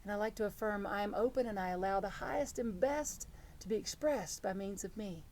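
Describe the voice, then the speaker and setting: A middle-aged woman preaching a sermon as reverend, telling stories in an earnest, animated way. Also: mid-range voice, a little fast. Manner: storytelling, earnest and animated, with many restarts.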